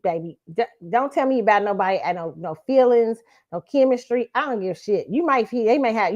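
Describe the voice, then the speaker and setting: A woman's voice: a little high, dull audio. A woman hosting her own talk show, giving blunt dating opinions and telling a story, with frequent swearing and restarts. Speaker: show host.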